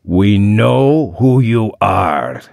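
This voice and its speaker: A man doing a slow, menacing kidnapper boss. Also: on the low side, big pitch swings, vocal fry, a little mellow, dry recording, studio quality, exaggerated voice. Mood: interrogating. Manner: slow, heavy, deliberate questioning. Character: heavyset menacing male kidnapper boss, cold interrogator.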